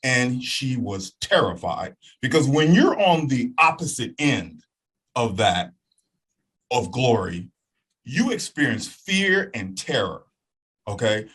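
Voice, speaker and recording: A man telling a personal story as a guest in an animated way. He acts out voices and sounds and keeps checking in with "okay?". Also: mid-range voice, slow pace, slightly rough, low-quality recording.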